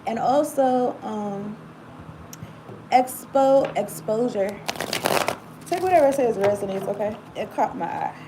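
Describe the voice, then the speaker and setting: A woman's voice: fairly high pitch, animated, normal speed, hardly any pauses, noisy background. A woman giving a casual tarot reading, rambling and talking straight to the viewer with frequent asides. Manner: rambling, casual, laughs often, talks to viewer directly. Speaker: tarot reader.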